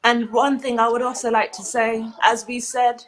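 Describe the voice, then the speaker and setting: A passionate woman from South Africa delivers emotional commentary on a live stream. Her voice sits a little high. There is a faint hum behind her. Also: flat delivery, moderate pace, fairly bright tone, rough recording. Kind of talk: impassioned commentary.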